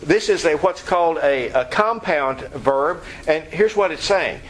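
A man preaching an expository Bible lesson, explaining word meanings and acting out scenes with lively energy. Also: on the high side, measured pace, slight background noise, rough recording. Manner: animated, acts out scenes. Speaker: pastor.

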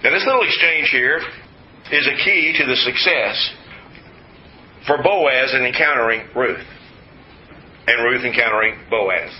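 A man's voice: medium pitch, unhurried, pauses often. A man from West Texas preaching a sermon, stressing and repeating key words with folksy asides, in a slightly muffled recording. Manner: emphatic, repetitive teaching with folksy asides. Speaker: pastor. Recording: slightly muffled with faint hiss.

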